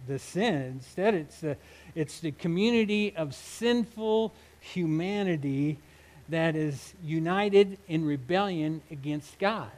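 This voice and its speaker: A man preaching a sermon, earnest and emphatic, often restarting his phrases and breaking into soft laughs. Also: on the high side, low-quality recording. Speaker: pastor.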